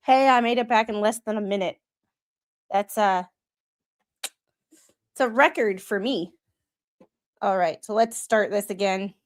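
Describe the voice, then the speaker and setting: A woman's voice: medium pitch, measured pace, long pauses. A woman from Wisconsin with a Wisconsin accent, chatting casually with viewers on a live stream and chuckling as she reacts. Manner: chatty, chuckles often, talks straight to viewers. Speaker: streamer reacting to body cam footage.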